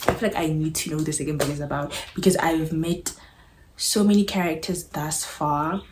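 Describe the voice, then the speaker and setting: A woman's voice: low voice, steady tone, normal speed. A young woman chatting casually to camera about a book, gushing and filling her talk with likes and ums. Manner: gushing, chatty, lots of fillers. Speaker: booktuber. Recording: echoey room with background noise.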